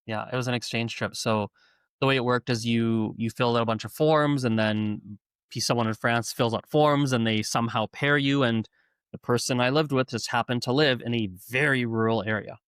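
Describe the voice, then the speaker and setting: A man from Canada, a podcast guest telling stories in a lively, self-correcting way. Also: mid-range voice, moderate pace, smooth, dry recording. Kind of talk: conversational storytelling.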